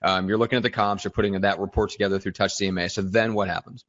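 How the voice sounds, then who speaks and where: A man's voice: on the low side, steady tone, quick pace, fairly bright tone, no echo. A man hosting a real estate talk show live, explaining ideas step by step and steering the conversation. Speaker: show host. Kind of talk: casual livestream talk, coaching. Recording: dry, slightly dull livestream audio.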